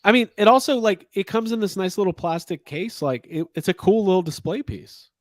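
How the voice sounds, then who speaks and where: A man's voice: sits high, brisk, dry recording, studio quality. Rambling toy-podcast host, man. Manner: rambling, lots of fillers and jokes. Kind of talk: casual podcast chat.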